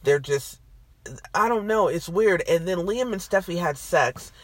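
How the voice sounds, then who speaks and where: A woman's voice: fairly low pitch, animated, unhurried, no echo. A woman co-hosting a podcast, chatting casually and ranting in exasperation about soap opera plots. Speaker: podcast co-host.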